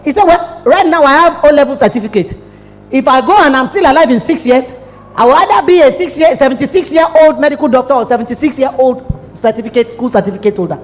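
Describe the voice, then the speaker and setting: A woman's voice: high-pitched, fast. A middle-aged Nigerian woman pastor preaching a sermon, telling a story and acting out the dialogue. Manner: animated storytelling with acted-out dialogue. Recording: long hall reverb.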